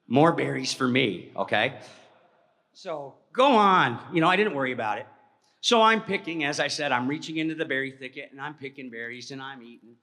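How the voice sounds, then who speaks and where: A man's voice: a little high, expressive, normal speed, pauses often, sharp tone. A man telling a personal story live to an audience in a folksy, conversational way, often checking in with "okay?", his voice fading as he moves away from the mic. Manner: moves around while talking, voice fades as he walks off. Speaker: presenter telling an encounter story. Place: large hall with audience. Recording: echoey hall, speaker drifting off mic.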